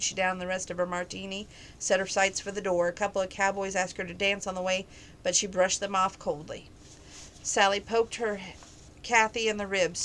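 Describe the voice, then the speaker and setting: Woman reader, casual novel read-aloud, bright tone, trips and corrects herself. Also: medium pitch, level tone, moderate pace, a little hiss or hum, low-quality recording. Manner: casual reading with slips and self-corrections.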